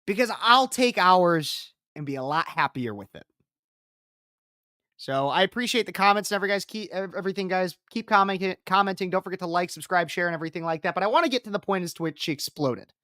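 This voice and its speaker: A woman's voice: lowish voice, fast, fairly bright tone, no echo, studio quality. A woman political commentator reacting to a speech clip, talking in an emphatic, repetitive and combative way.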